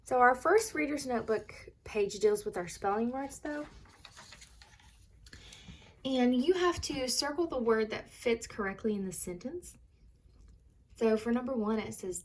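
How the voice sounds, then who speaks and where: Woman, young teacher, slow, patient, clear enunciation, faint background noise. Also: fairly high pitch, animated. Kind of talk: recorded reading lesson for young students.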